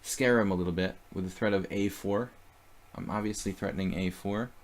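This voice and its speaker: A man's voice: low-pitched, steady tone, brisk. A man streaming live chess, thinking aloud about his moves and chatting casually with viewers.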